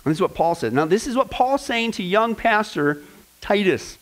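A male pastor teaches his congregation with a lively, playful delivery. His voice sits high for a man, and he breaks up the lesson with joking asides. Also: moderate pace, poor audio. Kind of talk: church teaching sermon.

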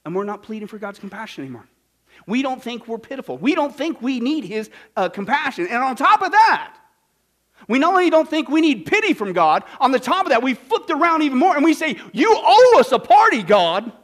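A man from Kansas preaching a sermon as a pastor, animated and jokey, swinging from loud bursts to hushed asides. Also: very high voice, brisk. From Kansas, United States. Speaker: pastor teaching a Bible study.

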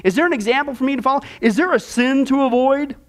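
A man's voice: very high voice, fast talker. A man teaching a Bible discipleship class as pastor, firing off rhetorical questions with folksy asides.

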